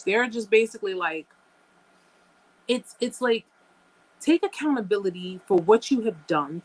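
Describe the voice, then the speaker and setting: A woman's voice: medium pitch, low-quality recording. A woman hosting a live chat, talking emphatically to her viewers, repeating phrases and calling them guys. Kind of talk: casual live-stream chat.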